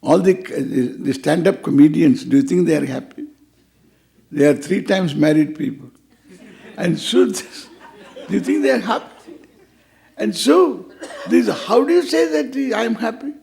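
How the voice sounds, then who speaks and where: An older man leads a scripture class with a playful, teasing humor, acting out little exchanges as he goes. His voice is gravelly and pitched fairly high, swinging widely up and down. He sounds like a spiritual teacher at ease with his students. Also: expressive, unhurried, long pauses, warm tone. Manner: playful, teasing, acts out quoted dialogue.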